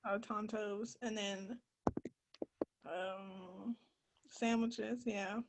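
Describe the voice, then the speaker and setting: A female student answering on a video call, hesitant and soft-spoken. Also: mid-range voice, fairly even intonation, extremely slow, slight background noise, low-quality recording. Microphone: computer mic on a video call.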